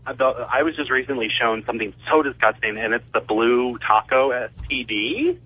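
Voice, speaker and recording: Man, radio caller, husky, bright tone, dry sound. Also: medium pitch, expressive, normal speed, no room sound, narrow, tinny audio. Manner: hesitant, lots of uh fillers. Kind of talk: call-in chat.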